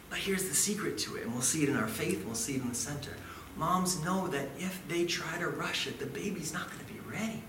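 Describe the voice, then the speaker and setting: Pastor, male, bright voice, informal sermon delivery, recorded from a distance in an echoey room. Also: high-pitched, a little hiss or hum. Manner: conversational, animated preaching with asides and acted-out quotes.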